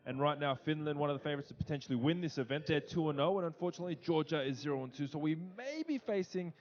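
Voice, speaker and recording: A man's voice: on the high side, racing, lo-fi sound. A man commentating an esports match, chatty and joking with his co-caster. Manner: chatty, jokey banter with co-caster. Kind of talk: casual play-by-play commentary.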